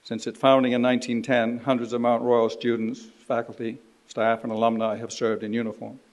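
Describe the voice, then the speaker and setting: A man in his seventies from Canada, giving a formal ceremonial speech at a podium in a measured, dignified way. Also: medium pitch, little pitch movement, low-quality recording. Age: 70s. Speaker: ceremony speaker. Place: university ceremony hall.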